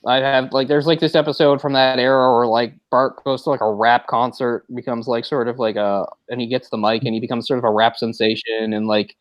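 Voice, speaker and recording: A man's voice: mid-range voice, little pitch movement, fairly quick, hardly any pauses, dry recording, highs cut off. A man chatting casually over a movie, rambling with lots of filler words. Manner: rambling, lots of "like" fillers, puts on mock voices when retelling scenes. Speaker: commentary host. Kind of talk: casual movie watch-along chat.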